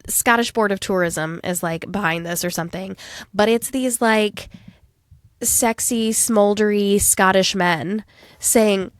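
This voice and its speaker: A woman in her thirties, a podcast co-host in casual chat, talking in an animated way and often trailing off mid-sentence. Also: mid-range voice, unhurried, clear, resonant tone, no echo, clean studio sound.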